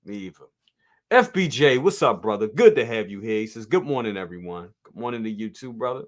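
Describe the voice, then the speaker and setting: Lively, animated male toy-show host. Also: lowish voice, a little fast. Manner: laughs easily, animated and repetitive, talks straight to viewers. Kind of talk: casual live-stream chat reading viewer comments.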